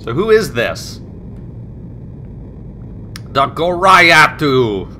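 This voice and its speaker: A man giving profane, sarcastic, excitable commentary while playing a video game. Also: a little high, extremely slow, slight background noise. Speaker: let's play host. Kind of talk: gameplay commentary.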